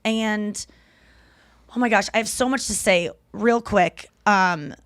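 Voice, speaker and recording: A woman's voice: medium pitch, slow, dry recording, studio quality. A woman in her thirties hosting a podcast, telling rambling stories in casual chat and swearing freely. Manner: chatty, rambling storyteller who swears freely. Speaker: podcast host.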